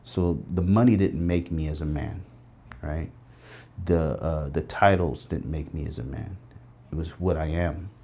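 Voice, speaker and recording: Warm and unhurried, a middle-aged man with a bass voice shares his life story as an interview guest. He is earnest and reflective, acting out other people's words in quoted voices.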